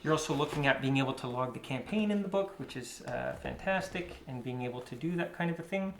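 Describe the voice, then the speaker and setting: A man's voice: medium pitch, fast talker, creaky. A man giving casual, rambling commentary while unboxing a board game, with lots of fillers and asides. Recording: echoey room with faint noise.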